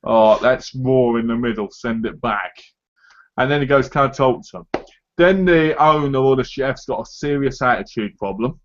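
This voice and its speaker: A man's voice: mid-range voice, moderate pace, slight background noise. A man hosting a casual live chat, talking in a chatty way and acting out other people's lines as he goes. His voice sits in an ordinary middle register. The audio is dull and lo-fi, like a home stream.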